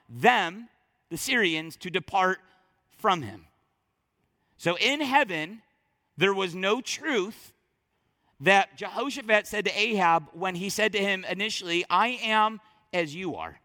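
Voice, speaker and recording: A man preaching a sermon in an emphatic storytelling way, swinging between loud and soft. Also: sits high, takes it slowly. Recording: long reverb in large hall.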